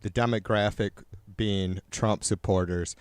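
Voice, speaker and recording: A man's voice: fairly low pitch, steady tone, measured pace, clean tone, no room sound. A man hosting a livestream in casual chat, swearing constantly and ranting heatedly to his viewers. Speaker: livestream host.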